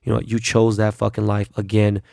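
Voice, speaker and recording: A man's voice: on the low side, monotone, a little fast, creaky, dark tone, dry recording, studio quality. A middle-aged man hosting a podcast, delivering a blunt, profane, heated solo rant. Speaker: podcast host. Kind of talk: ranting solo podcast monologue.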